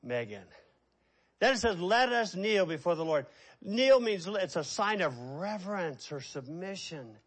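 A man preaching a sermon as pastor, stretching key words out slowly, then dropping to quiet, quick asides. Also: a little high. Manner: preaching with slow drawn-out emphasis and sudden quiet asides.

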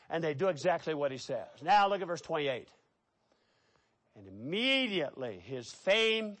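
A man delivers an expository sermon in a fairly high voice. He preaches emphatically, dropping into low, quiet asides and then rising into loud, forceful bursts. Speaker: pastor.

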